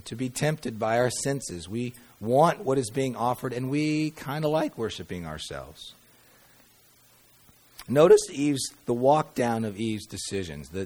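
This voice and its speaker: A pastor preaching a sermon, reading scripture dramatically and breaking into wry, conversational asides, with sudden quiet drops. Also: male voice, medium pitch.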